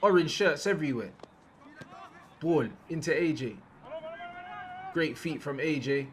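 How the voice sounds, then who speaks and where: Excitable young man. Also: fairly high pitch, measured pace, slight background noise. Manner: excitable, breaks into loud outbursts at big moments; slangy, repeats words and phrases. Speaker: youtuber reacting to football footage. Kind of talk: casual reaction commentary.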